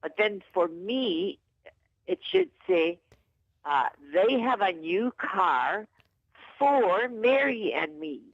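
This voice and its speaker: Woman caller, gravelly, lively pitch, dull phone-line sound. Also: takes it slowly, no room sound. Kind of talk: phone-in call. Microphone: telephone.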